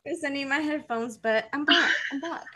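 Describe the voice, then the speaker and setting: A woman's voice: sits high, normal speed, a crowd in the background. A woman hosting a livestream, chatting casually and greeting viewers by name with a giggly manner. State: nervous. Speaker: livestream host. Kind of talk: casual chat.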